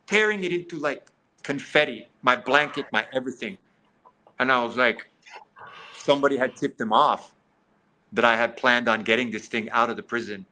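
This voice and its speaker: A man speaking as a podcast guest, telling his story in an animated way. His voice is bright and forward, and his pitch sits in an ordinary middle range. He keeps saying "like" and breaks into quoted back-and-forth as he talks. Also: low-quality recording. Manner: lively retelling that often slips into quoted dialogue, with frequent "like".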